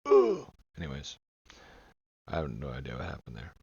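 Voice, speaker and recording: A man's voice: a bass voice, a little fast, gravelly, husky, no room sound, highs cut off. A man from the United States hosting a reaction video, talking casually through a headset, with plenty of ums and uhs. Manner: rambling, lots of fillers. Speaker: YouTube reaction host.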